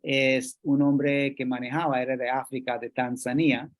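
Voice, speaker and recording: A man from Colombia, presenting a workshop in a measured way, pausing and restarting as he switches between English and Spanish. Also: medium pitch, level tone.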